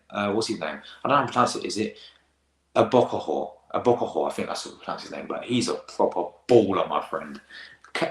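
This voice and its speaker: Teen male streamer, deep voice, rambling slangy chat, echoey room. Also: fairly bright tone. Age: teens. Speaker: football reaction host. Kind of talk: casual live-stream chat.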